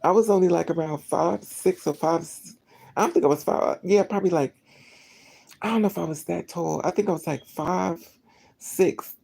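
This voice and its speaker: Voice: mid-range voice, normal speed, vocal fry, slightly rough. A vlogger telling a personal story in a casual, rambling monologue, acting out the dialogue and often restarting sentences. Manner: rambling, animated, acts out dialogue, many restarts.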